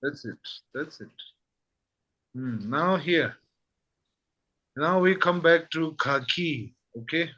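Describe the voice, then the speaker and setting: Slow, bright-voiced language teacher. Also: male voice, a little high, lively intonation. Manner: repeats phrases slowly, says "that's it" often. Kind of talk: slow patient language lesson.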